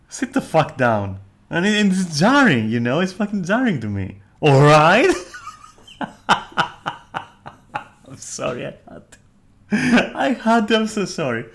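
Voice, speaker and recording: A man streamer in casual, rambling chat, candid and profane, often restarting his sentences. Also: medium pitch.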